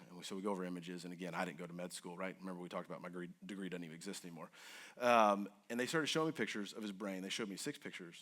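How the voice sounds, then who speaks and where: A man with a lowish voice tells a personal story to a crowd at a quick clip. He talks earnestly and intensely, dropping to a hush and then pressing forward with urgency. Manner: earnest and intense, swinging between hushed and urgent. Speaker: guest speaker. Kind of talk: emotional personal storytelling to an audience.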